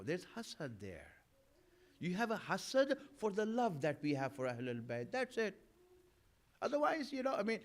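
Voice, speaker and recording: A man, a maulana, giving a sermon at a mourning gathering. He talks to the audience as friends and acts out imagined arguments. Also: sits high. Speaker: maulana giving a Muharram majlis talk. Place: Islamic center gathering.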